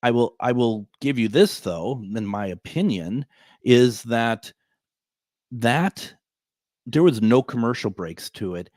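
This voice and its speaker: A man's voice: mid-range voice, expressive, slow pace, a little mellow, no room sound, clean studio sound. A man in his forties hosting a radio show, telling a story in a rambling, chatty way with frequent restarts and chuckles. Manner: rambling, self-correcting, chuckling. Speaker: radio host. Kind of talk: casual storytelling to listeners. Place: radio studio.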